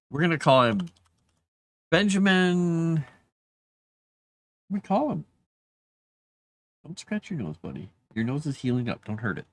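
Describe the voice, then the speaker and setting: An author streams live from his desk as he writes, chatting casually and trailing off into thought. His pitch rises and falls a lot from phrase to phrase, and between musings he talks softly to his dog, soothing and coaxing it.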